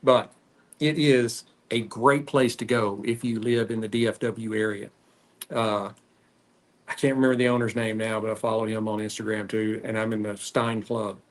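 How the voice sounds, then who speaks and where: A man with a Texan accent hosting a cigar podcast, rambling casually with frequent pauses while he smokes. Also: on the low side, level tone. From Texas. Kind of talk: casual solo chat while smoking.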